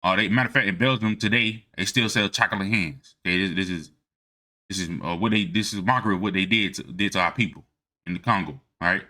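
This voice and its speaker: A man's voice: deep voice, quick pace, bright, forceful tone. A man giving a casual lecture on religious history from notes, informal and emphatic, constantly checking in with his listeners. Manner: informal and emphatic, keeps checking "all right?".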